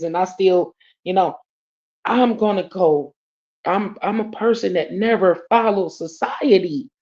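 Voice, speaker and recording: Her voice sits in the mid range with a darkish tone, and she talks a little slowly. Streaming from home in Detroit, she tells a casual story bluntly, cursing, using slang and repeatedly addressing her viewers, all in dull lo-fi audio.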